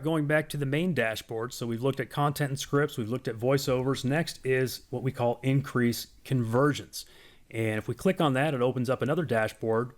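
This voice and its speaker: A man giving a casual, explanatory walkthrough of a software product on screen. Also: medium pitch. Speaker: software demo presenter.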